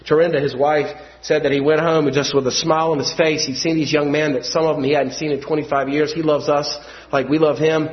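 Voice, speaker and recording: A man preaching a sermon, moving between quiet storytelling and loud, emphatic passages. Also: fairly high pitch, little pitch movement, brisk, few pauses. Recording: dull lo-fi sound.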